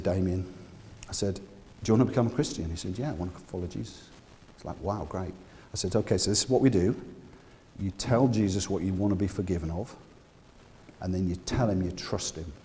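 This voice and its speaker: Male guest preacher, chatty with the congregation, quiet for stories, long church-hall reverb. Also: slight background noise. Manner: conversational, asks the congregation questions; drops to a low hush when telling a story. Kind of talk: sermon.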